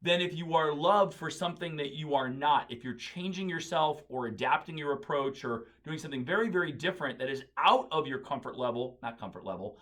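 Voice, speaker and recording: A man with a fairly high voice talks through an idea in a casual monologue. He hosts a daily quote video and thinks aloud as he goes, stopping to search for words and correct himself. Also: expressive, a little fast, hardly any pauses, a bit bright.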